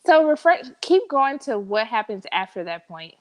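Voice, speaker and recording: A woman's voice: a little high, sing-song, normal speed. A woman guest on a movie review podcast, tired and chatting casually over a call. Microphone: remote call mic.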